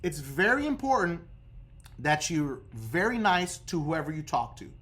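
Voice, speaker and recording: A man's voice: on the high side, sing-song, a little slow, pushed and bright. Emphatic man coaching viewers. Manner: emphatic, keeps checking in with the viewer. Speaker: credit repair coach. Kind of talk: casual instructional video.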